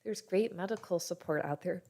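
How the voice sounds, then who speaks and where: A woman in her thirties hosting a podcast as a doctor, talking frankly and warmly in an unscripted way, and sometimes acting out what others say. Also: lowish voice, normal speed, gravelly. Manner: frank and heartfelt, swears casually, acts out others' lines. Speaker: podcast host, functional medicine doctor. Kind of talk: candid solo podcast talk.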